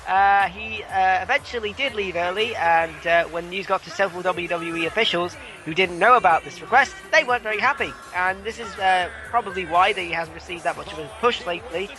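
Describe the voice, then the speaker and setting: Very bright, high-pitched podcast guy. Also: brisk, few pauses, faint music behind, low-quality recording. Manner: swearing, hesitant with many fillers. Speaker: podcast co-host. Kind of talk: casual podcast chat.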